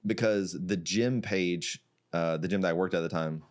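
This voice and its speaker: A young adult man from Iraq, a jiu-jitsu gym founder, telling a story as a podcast guest in a casual chat, animated and laughing often, with many "like"s. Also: low-pitched, moderate pace.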